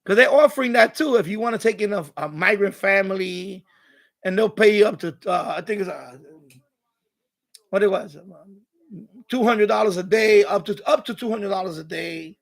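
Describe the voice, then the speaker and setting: A man rants through a casual live stream in a high, gravelly voice. He rambles and repeats himself in streetwise slang. He slips into other people's lines as he retells what they said. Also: normal speed, fairly bright tone. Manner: acts out quoted exchanges. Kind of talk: casual ranting commentary.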